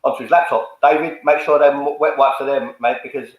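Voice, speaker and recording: A man's voice: medium pitch, fairly even intonation, a little fast. A man hosting a casual fan stream, jokey and full of slang as he reads out viewer comments. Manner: jokey, drops slang, lots of "um". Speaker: host reading viewer comments. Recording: very echoey room.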